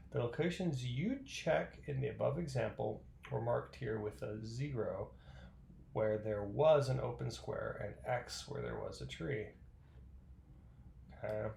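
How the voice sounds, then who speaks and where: Guy w a sore throat walking thru a coding puzzle, gravelly, kinda echoey room. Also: medium pitch, a little mellow. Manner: chatty, thinks aloud with ums and okays. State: sore throat, cough drop in mouth. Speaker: coding tutorial host. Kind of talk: screen-recorded coding walkthrough, reading puzzle text aloud. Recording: echoey room, faint background noise.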